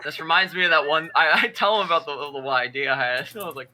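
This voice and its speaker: A man's voice: fairly high pitch, fast, few pauses, bright, forceful tone. A young man in casual chat, telling a crude work story with lots of laughter. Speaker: podcast co-host.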